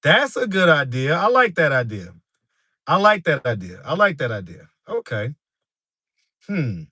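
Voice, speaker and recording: Laid-back chatty male streamer, bright voice. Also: fairly high pitch, sing-song, a little slow, husky, no room sound, studio quality. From New York. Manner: laid-back, laughs often, talks straight to the chat. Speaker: street interview channel host. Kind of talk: casual livestream chat with viewers.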